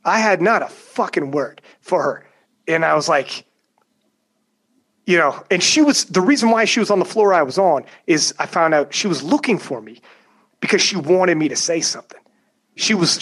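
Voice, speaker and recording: A man's voice: fairly high pitch, fairly bright tone, breathy edge. A young adult man telling a personal story in casual chat, emphatic and profane, often acting out what others said. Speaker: guest storyteller.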